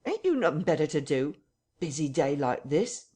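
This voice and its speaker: A man's voice: on the high side, big pitch swings, normal speed, dark tone, breathy edge. A man doing a scolding village landlady. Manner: scolding, rustic.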